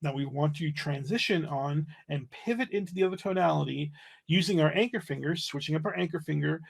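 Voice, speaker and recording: A man teaching a livestream flute lesson, explaining in a relaxed way and checking in with "right?" as he goes. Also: on the high side, a little fast, creaky, breathy edge.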